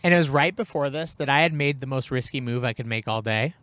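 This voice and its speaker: Male podcast co-host, casual storyteller, lively with quoted lines, dry close sound. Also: medium pitch, fast talker, no echo. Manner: animated, acts out quoted lines.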